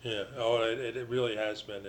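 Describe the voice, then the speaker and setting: An older man from New Jersey, a retired baseball pitcher, telling rambling stories as an interview guest, full of restarts and you-knows. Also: little pitch movement, a little fast, slight background noise, poor audio.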